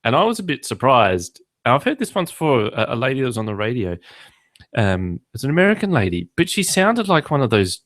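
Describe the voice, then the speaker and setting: A man in his own casual voice tells stories with dry, wry humor and acts out the others' voices. His pitch sits in the middle for a man. The recording is close and dry, with no room sound. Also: sing-song, fairly quick, fairly bright tone, no echo. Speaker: podcast host. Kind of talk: casual chat, storytelling anecdotes.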